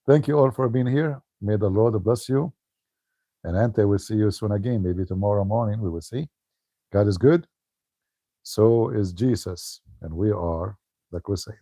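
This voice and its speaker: A man's voice: medium pitch, vocal fry, dark tone, husky, no echo. A man giving a casual livestream talk as an online commentator, joking and laughing often.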